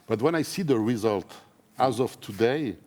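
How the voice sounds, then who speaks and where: A man who speaks natively, talking in an emotional conference interview, earnest and halting, often repeating himself. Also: mid-range voice, lively intonation, darkish tone. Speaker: interviewee, whistleblower. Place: conference stage.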